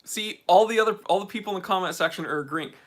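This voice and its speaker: A man with an American accent who runs a watch channel hosts a casual livestream Q&A, chatty, opinionated and full of fillers. His voice is high-pitched and a bit bright, and he races along.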